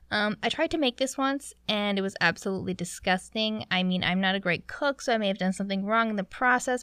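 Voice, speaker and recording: A young woman from Canada telling a story in a chatty, animated way, with lots of "like". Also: medium pitch, dry recording, studio quality. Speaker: vlogger. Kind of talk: casual storytelling.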